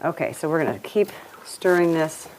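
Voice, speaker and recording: Lowish-voiced woman chatting thru a recipe in her kitchen, jokey, some dish clatter. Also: expressive, normal speed, noisy background. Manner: chatty, playful, laughs often. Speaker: cooking show host. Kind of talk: casual cooking demonstration. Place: home kitchen.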